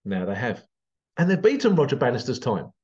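A man delivering an animated, repetitive monologue to camera as a vlogger. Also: mid-range voice, a little fast, highs cut off. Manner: animated, repetitive, acts out quotes in exaggerated voices. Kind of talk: ranting monologue.

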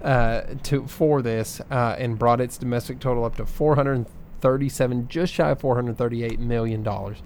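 A man's voice: medium pitch, fairly even intonation, normal speed, a little mellow, a little hiss or hum. A man co-hosting a casual podcast, running through figures with plenty of ums and uhs. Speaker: podcast co-host reading box office numbers. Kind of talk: casual chat.

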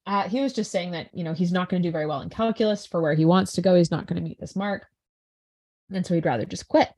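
Tired, chatty young woman, low-pitched. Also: fast, darkish tone. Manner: chatty, tired and yawning, many fillers like "right" and "you know". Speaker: teacher and podcast co-host. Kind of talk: casual podcast conversation.

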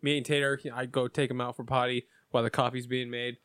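A man's voice: medium pitch, level tone, fast, fairly bright tone, clear, resonant tone, no echo. Rambling casual man, dry sound. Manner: rambling, restarts, swears casually, voices his pets. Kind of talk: casual chat, storytelling.

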